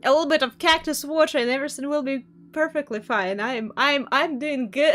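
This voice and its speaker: A young woman streaming a game live, commenting excitably, laughing often and jumping at scares. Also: high-pitched, a little fast, hardly any pauses.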